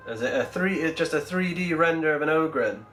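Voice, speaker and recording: A rambling, chatty man with a fairly high voice hosts a relaxed livestream, thinking aloud and answering viewers as he works. His voice carries a roomy echo, with faint music running underneath. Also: fairly quick. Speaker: miniature-painting livestreamer. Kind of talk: casual livestream chat. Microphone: Bluetooth microphone.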